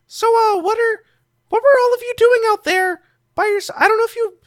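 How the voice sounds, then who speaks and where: A man voicing a young male goblin host who is nervous and chatty, rambling in halting bursts. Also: very high-pitched, steady tone, no room sound, studio quality, pitched above the performer's own voice. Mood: wary.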